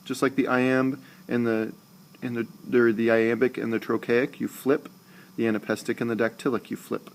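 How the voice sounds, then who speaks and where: A man teaching a screencast lesson, explaining slowly and patiently and saying syllables aloud with exaggerated stress. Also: medium pitch, level tone. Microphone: tablet recording.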